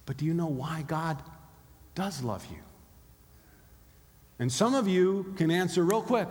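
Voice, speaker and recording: A man's voice: sits high, expressive, moderate pace. A pastor preaching a sermon in a conversational way, acting out the inner voices of his listeners. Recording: long hall reverb.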